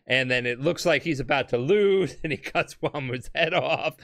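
A drunk podcast host retelling a story in an animated, comedic way, laughing, swearing and acting out characters. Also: medium pitch, moderate pace.

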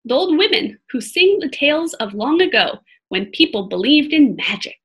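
Storybook monk, kindly elder, calm welcoming tone, woman voicing him. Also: high-pitched, moderate pace. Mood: gentle. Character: kind, gentle elderly male monk.

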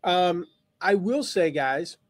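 Higher-voiced man hosting a live lesson. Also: animated, takes it slowly, no echo. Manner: rambling, thinks aloud with many restarts. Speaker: host.

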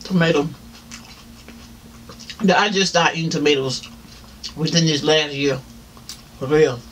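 Southern man vlogger, high voice, chatty eating-show talk, faint hiss behind. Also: a little slow, a bit bright. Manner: chatty, laughing, talks while chewing, addresses viewers as y'all. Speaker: mukbang vlogger. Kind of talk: casual eating-show chat.

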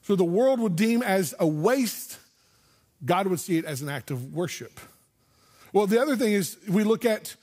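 A man preaching a sermon in church as pastor, telling the story with animation and acting out imagined voices. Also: high-pitched. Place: church sanctuary.

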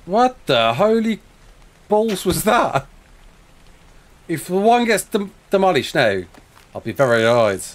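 Lively chatty British man streaming. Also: sits high, measured pace, long pauses. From United Kingdom. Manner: chatty, laughs often, calls people mate and man. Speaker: live-streamer. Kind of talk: casual live-stream chat answering viewers.

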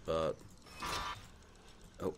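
A man's voice: extremely slow, a little hiss or hum. A man giving casual let's play commentary, muttering to his game characters and swearing freely as he goes.

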